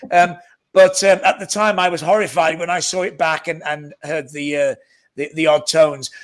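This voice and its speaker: A man's voice: fairly high pitch, fairly even intonation, normal speed, low-quality recording. A man with a Scouse accent tinged with north Welsh, telling self-deprecating stories as a guest actor, with many stammered restarts. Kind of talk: anecdotal chat.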